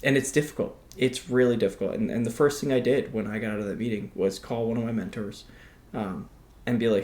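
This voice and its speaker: A man's voice: mid-range voice, a little fast. A veteran man co-hosting a podcast, talking bluntly with frequent swearing in a casual chat. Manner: blunt, profane, animated. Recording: echoey room.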